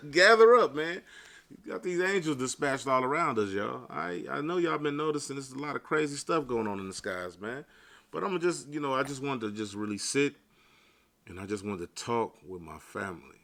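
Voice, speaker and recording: A man giving an informal sermon to his viewers, mixing casual slang with scripture readings and swinging from quiet murmurs to loud bursts. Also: medium pitch, animated, moderate pace, gravelly. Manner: casual street talk mixed with scripture reading. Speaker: online preacher.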